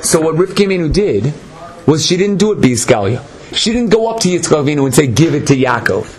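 A man's voice: on the high side, lively intonation, fast talker, a little mellow. A man teaching a Torah lesson in an emphatic, dramatic way, often acting out the people in the story. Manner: emphatic, dramatic, acts out quotes. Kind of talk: animated Torah lecture. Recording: noisy lecture recording.

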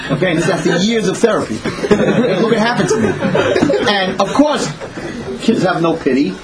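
A man in his fifties giving an animated Torah class, swinging between loud exclamations and hushed pleading. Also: high-pitched, moderate pace, over a noisy crowd, rough recording. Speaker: Torah teacher.

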